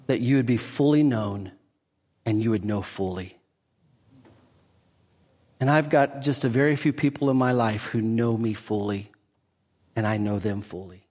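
A middle-aged man preaching a sermon as a pastor, fervent and climbing to high, loud peaks before dropping to soft, intimate tones. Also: in a large hall.

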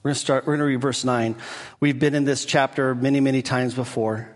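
A middle-aged man preaching a sermon as a pastor, fervent and climbing to high, loud peaks before dropping to soft, intimate tones. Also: level tone, a little fast, big-room sound.

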